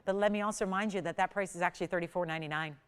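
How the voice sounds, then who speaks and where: A woman hosting a live jewelry shopping show, effusive and gushing with exclamations as she pitches pieces in a studio. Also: fairly even intonation, racing, smooth. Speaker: shopping channel host.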